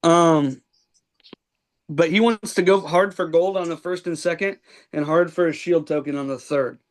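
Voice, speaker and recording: A man's voice: fairly high pitch, fairly even intonation, moderate pace. A man hosting a podcast, recapping a reality show in casual chat with plenty of ums and likes. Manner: rambling play-by-play recap with many ums and likes. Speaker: podcast host.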